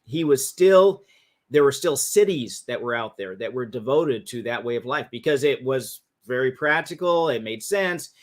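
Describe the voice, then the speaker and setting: A man's voice: mid-range voice, animated, moderate pace. A man hosting a livestream, explaining history in a casual teaching talk that often restarts its phrases. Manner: casual, restarts phrases, talks through slides. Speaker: host. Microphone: livestream mic.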